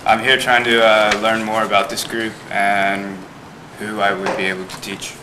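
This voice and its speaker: Low monotone guy mumbling an intro at a meeting, lots of noise behind. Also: normal speed. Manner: quiet, hesitant, trailing off. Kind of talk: introducing himself at a community meeting. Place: community meeting room. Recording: noisy room.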